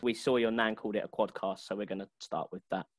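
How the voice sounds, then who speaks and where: A man hosting a podcast, moving quickly through announcements and friendly banter. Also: lowish voice, fairly even intonation, loud music behind the voice. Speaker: podcast host. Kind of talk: casual podcast chat and announcements.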